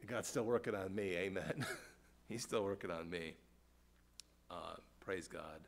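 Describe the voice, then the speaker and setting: A man preaching a sermon as pastor, questioning the congregation and swinging between quiet, slow prayer and loud, emphatic points. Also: low voice. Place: church.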